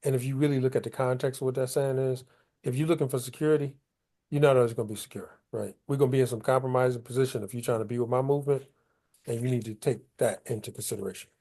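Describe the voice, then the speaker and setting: A man leads a conversational Bible study, explaining scripture in loose everyday language and paraphrasing it in casual street talk. His mid-range voice is mellow and steady, and he speaks fast.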